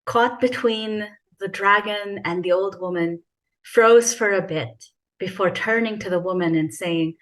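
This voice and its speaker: Slow, hesitant woman improvising a story. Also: mid-range voice. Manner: hesitant with fillers, lively voicing of dialogue. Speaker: author taking a storytelling turn.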